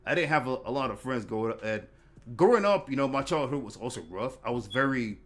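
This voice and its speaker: A man hosting a casual interview podcast, talking in a halting way with repeated words and lots of fillers. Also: mid-range voice, lively intonation. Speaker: podcast host.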